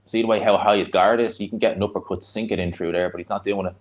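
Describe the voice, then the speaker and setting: A man's voice: fairly low pitch, fairly even intonation, quick pace. A man with a Dublin Irish accent giving casual live commentary on a fight and chatting with viewers in a blunt, rambling way. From Ireland. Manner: chatty, blunt, answers chat between fight reactions. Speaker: streamer hosting a live watch-along.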